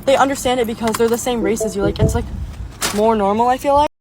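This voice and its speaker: A woman's voice: fairly high pitch, fast talker, background noise. A woman ranting casually in a rambling way, full of fillers. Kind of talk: casual vlog rant.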